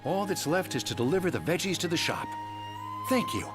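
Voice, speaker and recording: An actor playing a polite young male party member in a video game, speaking calmly over game audio. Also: on the high side, fairly quick. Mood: pleased. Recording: game audio under loud music. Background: loud game music.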